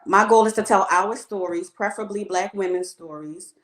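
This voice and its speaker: A woman, an indie author, chatting casually as a live-stream guest in a relaxed, friendly way. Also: medium pitch, moderate pace, roomy sound.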